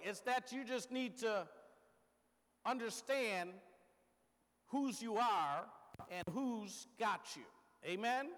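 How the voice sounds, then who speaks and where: High-voiced preacher calling out "amen". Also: male voice, a bit bright, big-room sound. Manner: punctuates lines with "Amen?", drops low at phrase ends; speeds through everyday examples, slows on key phrases. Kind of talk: sermon.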